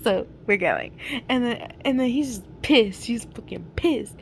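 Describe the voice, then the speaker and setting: A woman's voice: a little high, measured pace, vocal fry. A young woman chatting casually and recapping a fan fiction story with lots of fillers and giggles, recorded at home on a camera mic with faint noise. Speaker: fanfic reader and channel host. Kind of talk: casual chat and reading a fanfic aloud.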